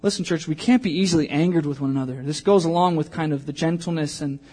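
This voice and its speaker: A man in his thirties preaches a sermon to his church. He speaks in a fairly high voice and slips into the voices of the people in his story as he tells it. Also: fast, slightly rough. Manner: animated storytelling, acting out quotes. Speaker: pastor.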